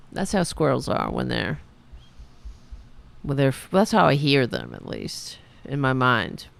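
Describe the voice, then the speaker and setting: A woman hosting a casual livestream, her low, gravelly voice swinging widely in pitch. She unhurriedly tells stories with a sarcastic edge and drops casual profanity. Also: dry recording. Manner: animated, sarcastic storytelling with profanity. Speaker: show host.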